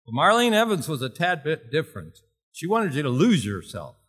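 Older male preacher, bright tone, lively storyteller who laughs and shouts now and then. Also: on the high side, normal speed, breathy edge. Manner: animated, laughs often, jumps to shouting. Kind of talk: storytelling sermon.

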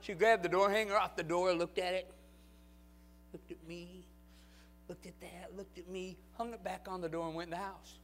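A male pastor telling stories in a sermon, moving from low, quiet storytelling to loud, fervent exhortation. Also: level tone, normal speed, a little hiss or hum.

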